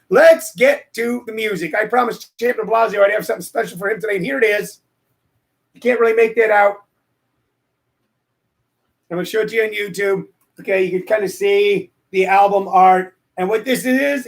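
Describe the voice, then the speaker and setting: A man in his sixties hosting a casual livestream show, a comedian who rambles and jokes between plugs and stories. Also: high voice. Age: 60s. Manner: rambling, joking, digressive. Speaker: show host and stand-up comedian.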